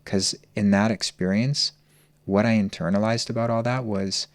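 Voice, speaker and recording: A man's voice: lowish voice, fairly even intonation, no room sound. A man telling his personal story as a podcast guest, earnest and searching. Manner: earnest, open, slow and searching.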